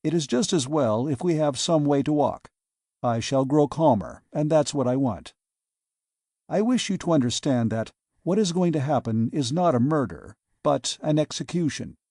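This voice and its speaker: A man reading an audiobook, voicing a cold, determined man who speaks in grim, forceful declarations. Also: on the high side, expressive, moderate pace, dry recording, clean studio sound. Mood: grim resolve.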